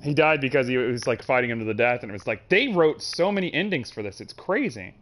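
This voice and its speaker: A man streaming a game live, chatting in an animated, joking and profane way. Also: medium pitch, quick pace. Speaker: gaming streamer. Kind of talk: casual live-stream commentary.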